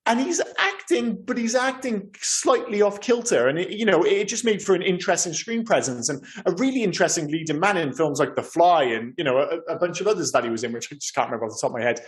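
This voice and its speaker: A man co-hosting a film podcast, chatting casually and rambling with lively, sweary asides. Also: high-pitched, fast talker, hardly any pauses. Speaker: podcast co-host. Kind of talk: casual chat.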